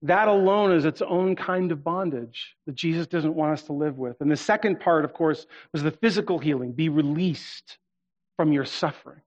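A man's voice: on the high side, normal speed. A man preaching a sermon as a guest in a church, earnest and leading the congregation to repeat phrases after him. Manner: earnest, leads congregation in call-and-response. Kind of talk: sermon with prayer. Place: church auditorium. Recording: muffled church recording with soft music.

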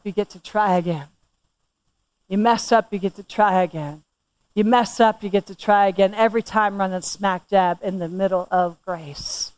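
A middle-aged woman telling a story in a sermon, talking casually and animatedly, climbing higher when she quotes herself scolding. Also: a little mellow. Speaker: church speaker.

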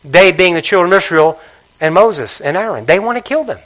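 Guy preaching a fired-up sermon, bright higher voice, goes quiet then loud, calls out to the church. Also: lively intonation, fairly quick, low-quality recording. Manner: passionate, swings between hushed and loud, calls out to congregation.

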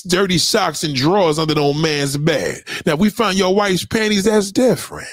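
A high-voiced, middle-aged man rants in a profane comic monologue. His pitch swings widely as he mimics other people. The sound is close and dry. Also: fairly quick, few pauses, no room sound. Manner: animated, swearing, acts out quotes. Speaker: comedic monologue host. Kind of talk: profane comedic rant.

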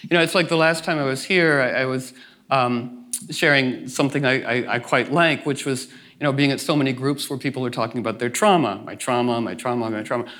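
A man's voice: mid-range voice, a little fast, a bit bright. A man talking as a guest in a reflective conversation, meandering and playful, with many restarts and acted-out asides.

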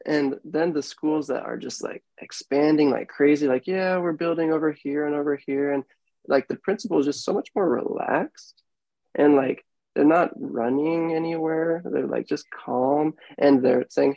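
Gravelly, mellow-voiced male podcast host. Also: on the high side, normal speed, no echo, poor audio. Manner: rambling, filler-heavy, laughs easily. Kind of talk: casual interview chat. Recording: dry close podcast mic.

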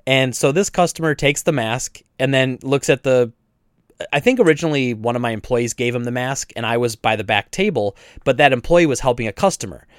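A man who owns a video game store, telling a story in casual chat, animated and indignant, with many restarts and voices for each side. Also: mid-range voice, fairly quick, clean tone, dry recording, studio quality. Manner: animated retelling, acts out both sides with frequent restarts.

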